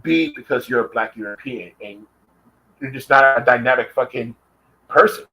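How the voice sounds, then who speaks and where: A man's voice: mid-range voice, normal speed, sharp tone, low-quality recording. An American man delivering an angry, profane vlog rant, taunting and calling out his target directly. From United States. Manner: profane and confrontational. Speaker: vlogger.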